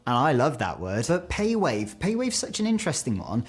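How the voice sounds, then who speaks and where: A man's voice: medium pitch, wildly swooping pitch, normal speed, faint music behind. A British man from the UK presenting a chatty, self-mocking video about how words are pronounced. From United Kingdom. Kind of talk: scripted video commentary on word pronunciations.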